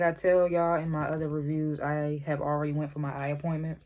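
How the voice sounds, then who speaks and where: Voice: mid-range voice, level tone, a little fast, darkish tone. A reviewer casually recapping a TV episode, chatting loosely, retelling scenes and laughing often.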